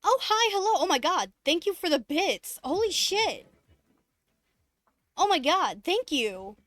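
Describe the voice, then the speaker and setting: A young woman streamer with a very high voice chatters in a slow, drawn-out way, swearing and laughing often. Her voice is close and dry, with no room sound. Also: dry recording. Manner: excitable, profane, laughing often. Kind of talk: casual live-stream chat.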